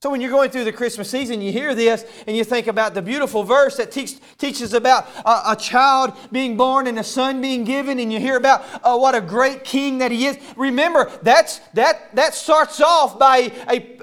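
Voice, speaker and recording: A male pastor preaching a sermon, often repeating words as he restarts, then building to emphatic, raised passages. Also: extremely high pitch. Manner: stammering word repeats, building to emphatic shouts.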